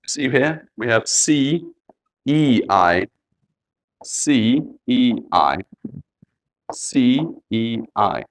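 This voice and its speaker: A man teaches English spelling rules at an unhurried pace, with a voice of middling pitch. He is patient and repeats each letter and example word so learners can follow. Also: expressive. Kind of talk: slow spelling lesson.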